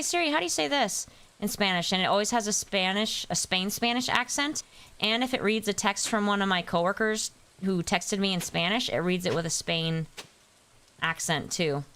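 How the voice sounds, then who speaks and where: A young adult woman streamer chats casually with her viewers, ranting in exasperation and reading chat names aloud. Her voice sits at medium pitch, a bit bright, with a clear, resonant tone.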